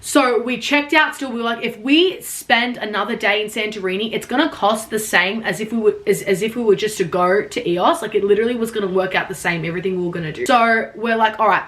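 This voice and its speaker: Young woman, vlogger, rapid rambling storytime, lots of "like", casual swearing. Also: mid-range voice, fairly bright tone. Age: young adult.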